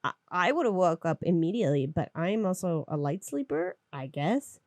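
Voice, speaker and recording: A woman's voice: on the low side, big pitch swings, normal speed, a little mellow, no room sound. A woman co-hosting a podcast, chatting casually about an old film with jokey, sarcastic banter. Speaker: podcast co-host.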